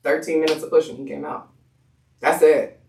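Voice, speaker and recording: Lively woman telling a story, echoey room. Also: low voice, moderate pace, a little hiss or hum. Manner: animated storyteller, acts out quotes, laughs often. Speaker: podcast guest. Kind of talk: casual birth story chat. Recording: echoey room, mic at a distance.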